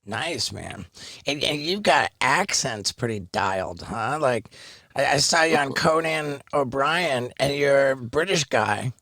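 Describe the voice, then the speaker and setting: A man hosting a podcast, talking in a brash, profane, excitable way. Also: mid-range voice, measured pace, vocal fry, dry recording, clean studio sound. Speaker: podcast host. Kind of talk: casual interview chat.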